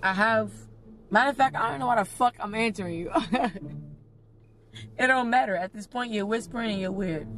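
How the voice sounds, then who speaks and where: A woman's voice: a little high, brisk, a bit bright. A woman chatting casually with a friend, exasperated and swearing as she keeps telling him to speak up and back off. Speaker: friend of the host. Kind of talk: casual chat.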